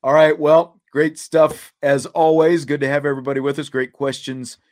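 Chatty middle-aged sports talk host. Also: male voice, on the high side, little pitch movement, normal speed, darkish tone. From Kansas, USA. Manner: conversational, many fillers like "you know, like". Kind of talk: casual radio talk.

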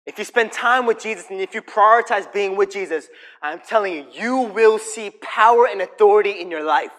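A young male preacher with a high voice delivers a sermon in a church. He swings between fervent, punchy declarations and hushed, intimate storytelling. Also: brisk. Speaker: pastor.

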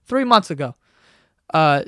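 A twenty-something man hosting a solo podcast from his basement bedroom rambles, curses casually and makes self-deprecating jokes. He sounds very animated, with a fairly high, somewhat bright voice at a measured pace. Recorded on a podcast microphone, it is clean studio sound with no echo.

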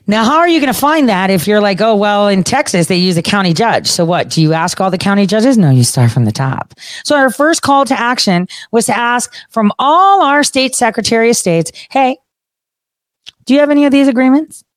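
A woman's voice: fairly low pitch, dry recording, studio quality. A middle-aged woman giving a solo political commentary, emphatic and repetitive, asking herself rhetorical questions.

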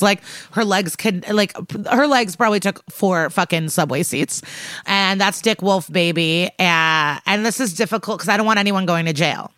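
A woman's voice: fairly low pitch, fairly bright tone, dry recording. A woman co-hosting a podcast, retelling a TV episode in casual chat and quoting the characters as she goes. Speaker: podcast co-host.

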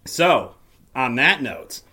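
A man hosting a podcast in casual solo talk, his voice hoarse and raspy as it gives out, with wry self-deprecating humor. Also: mid-range voice, big pitch swings, takes it slowly, pushed and bright. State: hoarse, voice giving out. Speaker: podcast host.

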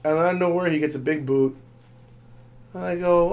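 Casting: male podcast co-host, slightly higher voice, exasperated rant. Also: fairly even intonation, moderate pace, darkish tone. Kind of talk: casual wrestling recap chat.

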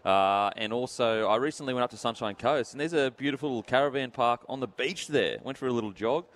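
A man's voice: medium pitch, quick pace. An Australian man chatting casually as a guest in an easygoing way. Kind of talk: casual chat.

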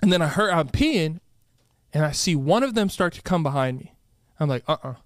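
A man's voice: a little high, animated, normal speed, no room sound, clean studio sound. A man with a lisp, hosting a podcast and telling a story in casual chat, laughing often. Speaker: podcast host.

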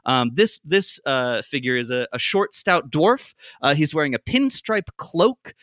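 A game master narrating a tabletop scene with a bright, animated voice, stopping often with ums. The sound is dry and close to the mic. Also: mid-range voice, dry recording. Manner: halting, full of ums and laughs.

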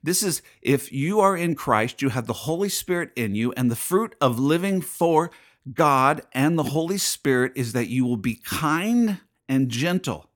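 A man's fairly high, expressive voice moves unhurriedly as he hosts his own show as a pastor. He preaches emphatically in a fired-up monologue crowded with rhetorical questions.

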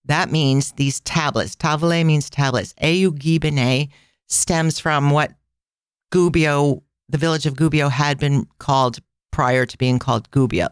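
Chatty woman hosting a podcast, smooth voice. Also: low voice, a little slow, no room sound, studio quality. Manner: chatty storytelling with tangents and asides. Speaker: podcast host. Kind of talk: casual travel podcast chat.

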